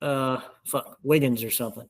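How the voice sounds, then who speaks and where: A man's voice: mid-range voice, fairly even intonation, normal speed, rough recording. A young man from South Louisiana with a twangy Southern accent, a podcast guest who rambles casually and swears a lot. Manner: rambling, profane, full of fillers. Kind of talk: casual chat.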